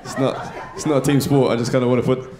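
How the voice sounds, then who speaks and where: A young man doing a slangy, animated stand-up comedy set. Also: mid-range voice, quick pace, a crowd in the background, noisy background. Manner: animated, slangy, swings into loud shouted bits. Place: live comedy venue with audience.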